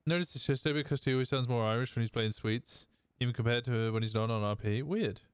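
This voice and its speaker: A man's voice: mid-range voice, quick pace, clean tone, no room sound. A man streaming a role-play game, chatting casually and reacting offhand to chat and the game.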